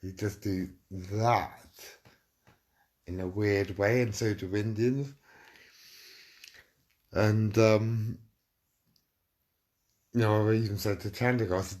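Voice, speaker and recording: Low-voiced man telling a story. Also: fairly even intonation, slow, long pauses, a little mellow. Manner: swearing, acts out quotes with "I said". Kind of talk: casual anecdote.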